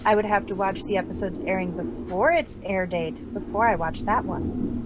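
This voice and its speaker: A woman's voice: medium pitch, normal speed, heavy background noise. A woman in casual podcast chat, teasing and dry.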